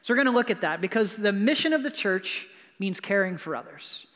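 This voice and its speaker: A man's voice: sits high, expressive, fairly quick, a bit bright, long reverb tail. A man preaching a sermon as pastor in a church, in a conversational way with frequent "right?" asides. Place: church building.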